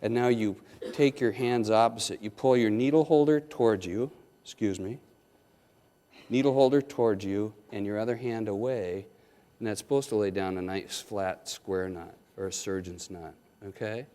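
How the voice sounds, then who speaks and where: A man's voice: fairly low pitch, normal speed, warm tone. A man, a surgeon, giving a live hands-on demonstration to an audience, coaching step by step in a folksy, joking way and checking in often. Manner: coaching, keeps checking in with "okay?". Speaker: surgeon teaching knot tying. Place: lecture hall with an audience. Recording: long hall reverb.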